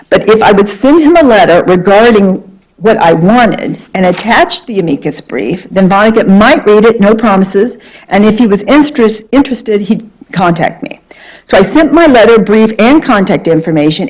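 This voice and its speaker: A woman in her fifties, a trial lawyer and guest speaker, telling a story in a lively, animated lecture. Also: medium pitch, rough recording.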